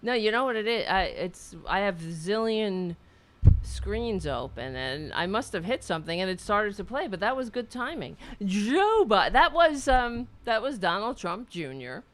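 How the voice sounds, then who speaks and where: A woman hosting a political talk show speaks bluntly and swears freely, often breaking off and restarting her sentences. Her pitch sits in the middle of the range but rises and falls with lively expression. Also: unhurried. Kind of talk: casual political talk with a caller.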